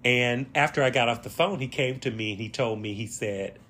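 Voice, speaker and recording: A man with a Southern accent hosting a reflective solo monologue, speaking slowly and deliberately with drawn-out emphasis. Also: medium pitch, bright, forceful tone, husky. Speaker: podcast host. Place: Washington, D.C.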